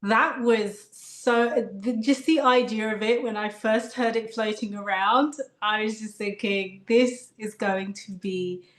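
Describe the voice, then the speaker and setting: A woman's voice: on the high side, fairly even intonation, unhurried, hardly any pauses, fairly bright tone, echoey room. A woman with a British accent, an actress guest chatting thoughtfully in an interview and laughing often. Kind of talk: casual interview chat.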